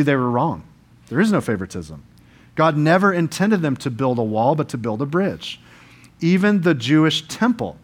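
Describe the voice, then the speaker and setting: A man pastor preaching an earnest sermon in church, explaining scripture and sometimes voicing quoted speakers. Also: a little high.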